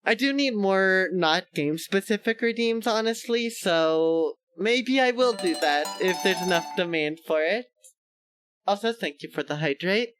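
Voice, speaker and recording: High-voiced, chatty man streaming. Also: expressive, measured pace, fairly bright tone, clear, resonant tone, soft background music. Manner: laughs often, chatty and self-mocking. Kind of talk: casual live-stream chat.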